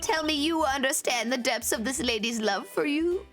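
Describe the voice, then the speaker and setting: A shrill, clingy older lady who dotes and nags in a sing-song gush, as a woman streamer reads her lines. The voice sits fairly high, with game music playing underneath. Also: moderate pace, lightly acted. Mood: aggrieved. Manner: gushing, sing-song, overbearing. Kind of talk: reading game dialogue aloud on a stream.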